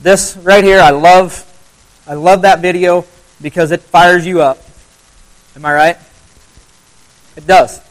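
A man with a slightly high voice giving a motivational Bible talk to a live group. He speaks conversationally, throws questions at his listeners and drives points home by repeating phrases. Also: steady tone, slow pace, pauses often, low-quality recording. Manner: conversational, asks the audience questions.

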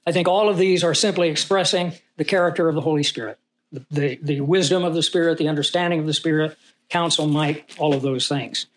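Higher-voiced man teaching a Bible class. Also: steady tone, brisk, fairly bright tone. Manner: asks the class questions and reads scripture aloud with rising emphasis. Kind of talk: conversational Bible study teaching.

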